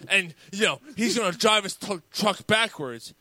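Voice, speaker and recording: Guy on a podcast telling a story, swears constantly, slightly high voice, dry close sound. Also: lively intonation, moderate pace, bright, forceful tone, no room sound. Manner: profane, laughing, acts out quotes. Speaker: podcast co-host. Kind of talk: casual storytelling banter.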